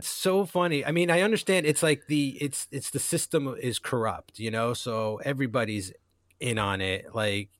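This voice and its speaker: A man's voice: mid-range voice, moderate pace, no echo. Fired-up guy cohosting a podcast, swears a lot, dry close sound. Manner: excitable, profane, animated asides. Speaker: podcast co-host. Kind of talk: casual chat.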